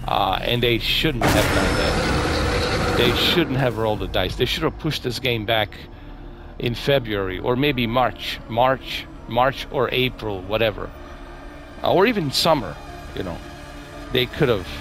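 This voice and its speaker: A man's voice: medium pitch, expressive, measured pace, fairly bright tone, soft background music. A man hosting a gaming video, rambling through a casual spoken review with many fillers and repeated words, dejected and mumbling.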